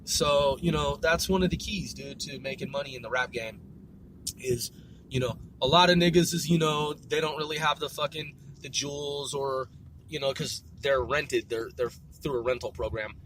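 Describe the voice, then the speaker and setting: A man's voice: on the high side, moderate pace, a bit bright, slight background noise. A man hosting a solo podcast, rambling loosely with lots of swearing, fillers and repeated words. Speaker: podcast host.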